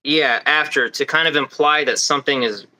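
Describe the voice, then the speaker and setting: A man co-hosting a casual podcast, arguing a theory with quick bursts and frequent restarts. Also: a little high, bright, forceful tone, rough recording. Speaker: podcast co-host.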